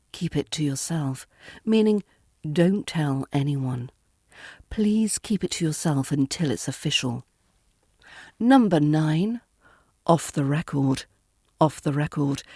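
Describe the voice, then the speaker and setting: A woman with a British RP accent teaching pronunciation in a deliberate, scripted lesson, modelling each word clearly. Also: sits low, warm tone, no echo, clean studio sound. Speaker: accent coach.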